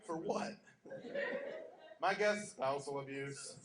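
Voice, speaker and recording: A man with a fairly high voice performs stand-up on a small stage, telling jokes drily and dropping into mock voices. The sound is roomy and echoey, with clear noise underneath. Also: slow. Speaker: stand-up comic. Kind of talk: stand-up comedy set. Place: small theater stage, live audience.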